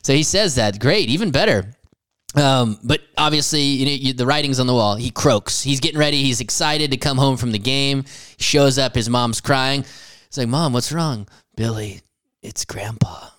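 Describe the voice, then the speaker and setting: A man's voice: medium pitch, moderate pace, a bit bright, smooth, no echo. A man co-hosting a podcast, recapping a movie in a rambling, profane way and laughing often. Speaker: podcast co-host. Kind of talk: casual crude movie recap.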